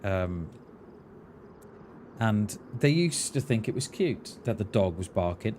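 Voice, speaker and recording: A man's voice: lowish voice, lively intonation, takes it slowly, long pauses, dark tone, a little hiss or hum. A man, ranting casually and bluntly while streaming a game. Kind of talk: casual chat while gaming.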